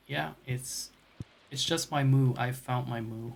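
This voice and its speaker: A man at a middle pitch chats loosely while he plays games on stream. He drifts from topic to topic, swears freely, and pokes fun at himself as he goes. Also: fairly even intonation, slow pace, gravelly, slight background noise. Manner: rambling and profane, with self-mocking asides. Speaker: game streamer. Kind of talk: casual chat while gaming.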